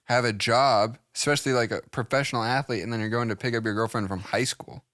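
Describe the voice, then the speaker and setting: A man's voice: mid-range voice, fairly even intonation, fast talker, fairly bright tone, no echo. Young man with dry joking asides. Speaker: podcast co-host. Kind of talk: casual chat.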